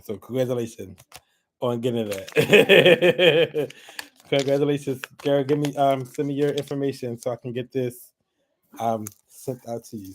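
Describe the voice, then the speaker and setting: Giggly, chatty man hosting a home giveaway. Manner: chatty and giggly, with sudden high excited squeals. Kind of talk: casual chat while drawing giveaway winners.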